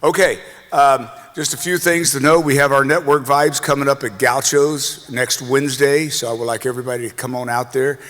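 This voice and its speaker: A man's voice: mid-range voice, steady tone, a little fast, hardly any pauses, a bit bright, faint music behind. Chatty man announcing in a reverberant hall. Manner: casual, chatty, calls out people. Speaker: chamber host. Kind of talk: announcements at a meeting. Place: meeting hall. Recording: long echoey hall reverb.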